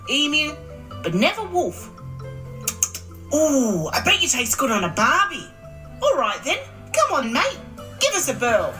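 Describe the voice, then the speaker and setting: A woman's voice: high voice, pushed and bright, voice pushed up, heavily acted, rough recording. A woman with an Australian accent voicing a brash, cheeky young Red Riding Hood in a stage skit, full of slang. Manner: cheeky, slang-heavy, exaggerated drawl.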